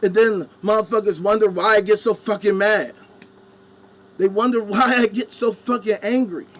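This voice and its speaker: In this webcam-recorded live stream, the commentary host launches into an angry rant full of swearing, ridiculing those he quotes. He speaks in a high, slightly bright voice with fairly even intonation and a moderate pace.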